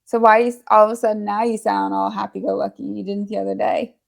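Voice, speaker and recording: A woman's voice: medium pitch, flat delivery, fast talker, vocal fry. A woman chatting casually on a podcast, teasing and questioning in a playful way. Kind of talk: casual chat.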